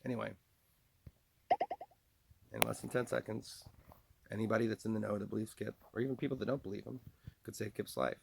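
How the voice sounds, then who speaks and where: Gravelly low-voiced man ranting. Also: steady tone, a little fast, pauses often, noisy background. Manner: rambling, accusatory, talks about himself in third person. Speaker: vlogger. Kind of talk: rambling monologue to camera. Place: trailer home.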